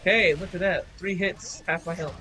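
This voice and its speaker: A man's voice: high voice, steady tone, moderate pace, bright, forceful tone, slight background noise. A man streaming a fighting game, chatting casually and muttering reactions to the match as he plays. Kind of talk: casual gameplay chat.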